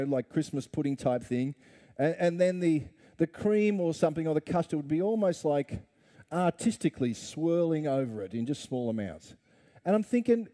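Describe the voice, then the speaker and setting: A man's voice: fairly high pitch, mellow. A middle-aged man, preaching a conversational sermon full of rhetorical questions and playful asides. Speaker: pastor.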